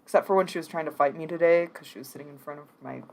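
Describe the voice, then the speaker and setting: A woman's voice: low-pitched, racing, gravelly. A woman with a Wisconsin accent hosts a casual livestream chat. She talks playfully and laughs often, in an easy, everyday voice. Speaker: stream host.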